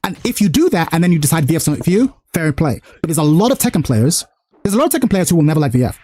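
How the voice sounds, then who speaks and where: A young man hosting a stream, talking fast and animatedly, arguing his point and acting out quotes in casual chat. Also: a little high, very animated, a little mellow. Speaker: streamer host.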